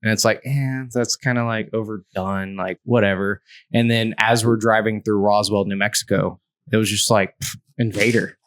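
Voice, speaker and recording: A man with a lowish voice, recorded close and dry with no room sound. He tells casual stories full of fillers and swearing as a podcast guest. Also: steady tone, normal speed, a bit bright, no room sound. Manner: chatty, filler-heavy, profane. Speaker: podcast guest, food product maker. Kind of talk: casual storytelling.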